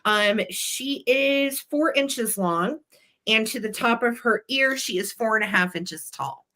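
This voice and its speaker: A woman's voice: a little high, slow pace, bright, forceful tone. A woman hosting a live vintage sale, chatty and upbeat, running auction countdowns. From western United States. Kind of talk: live selling chat.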